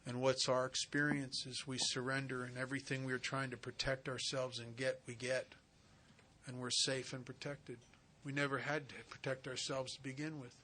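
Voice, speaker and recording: A man's voice: mid-range voice, flat delivery, normal speed, bright, forceful tone, a little hiss or hum. A man speaking at a recovery retreat, telling earnest stories in a conversational way. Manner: earnest, conversational with vivid asides. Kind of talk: personal storytelling talk. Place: retreat center talk.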